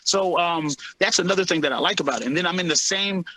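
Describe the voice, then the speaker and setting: A man's voice: high-pitched, fast, poor audio. A man in his thirties, a heavyweight fighter, chatting in an interview and telling stories with lots of laughs and acted-out quotes. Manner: animated storyteller, laughs often, acts out quotes. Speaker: UFC heavyweight fighter, guest. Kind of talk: casual interview chat.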